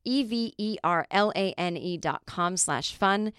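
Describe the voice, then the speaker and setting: A middle-aged woman hosts a podcast, delivering a casual comedic monologue full of chatty, animated stories and plenty of fillers. Her mid-range voice is clear and resonant, her pace measured, and the studio-quality recording has no room sound.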